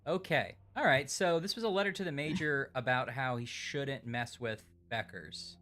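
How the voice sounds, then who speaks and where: A man's voice: mid-range voice, normal speed, few pauses. A man hosting a stream of a mystery game, chatting playfully and jokingly directing his co-player. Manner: playful, mock-directing, lively. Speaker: stream host. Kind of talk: casual gameplay chat.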